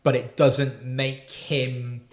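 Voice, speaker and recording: A man's voice: mid-range voice, little pitch movement, very slow. A man co-hosting a casual podcast chat, talking at length about plot details. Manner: chatty, recaps plots at length. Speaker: podcast co-host. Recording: roomy echo.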